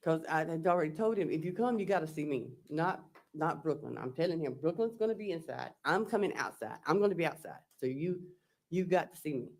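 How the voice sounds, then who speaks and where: A woman testifying as a defendant in court. She reads text messages aloud in a slow, halting, plain-spoken way, recounting each exchange with "I said" and "he said.". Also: low voice, animated, darkish tone.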